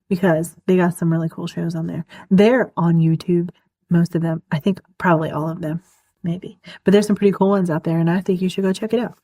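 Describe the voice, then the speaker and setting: A woman's voice: on the low side, darkish tone, no room sound. A woman hosting a solo podcast, rambling and giggling often, with lots of "like" fillers, in casual chat. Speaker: podcast host.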